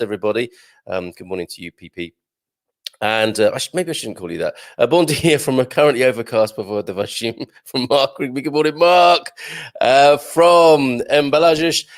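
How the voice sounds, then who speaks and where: A man hosting a live morning show, chatting casually and greeting viewers by name as he reads their comments, with plenty of ums and uhs. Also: medium pitch. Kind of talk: live-stream chat, reading viewer comments.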